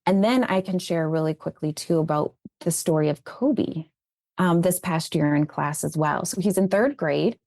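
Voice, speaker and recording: A woman's voice: low-pitched, moderate pace, gravelly, no echo, studio quality. A woman being interviewed as an educator, telling stories about raising children in an earnest, conversational way. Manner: earnest, animated when retelling conversations.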